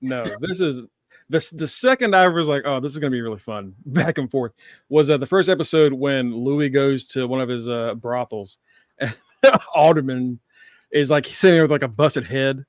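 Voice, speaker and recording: A man's voice: medium pitch, moderate pace, no echo, studio quality. A man hosting a casual TV review chat, cursing and laughing often as he talks. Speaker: podcast host.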